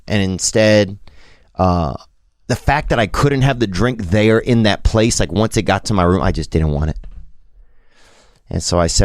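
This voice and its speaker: A man's voice: deep voice, unhurried, long pauses, no echo, clean studio sound. A man in his thirties with a Southern US accent, telling a rambling, self-deprecating story as a comedian. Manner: drawling, meandering, self-deprecating, trails off.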